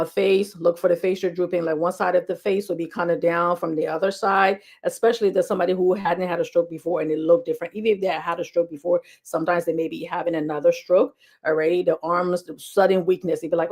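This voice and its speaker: A woman health educator talking fast and casually to camera, repeating key points with lots of fillers. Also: fairly low pitch, a little mellow. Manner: talks fast.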